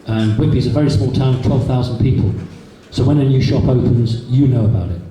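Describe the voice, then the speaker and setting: Dark-voiced Englishman telling stories in a hall. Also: mid-range voice, fairly quick, distant mic. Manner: chatty anecdotal storytelling with repeats. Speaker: guest speaker. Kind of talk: public talk to a live audience. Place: meeting hall. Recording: echoey hall from a room recorder, faint noise.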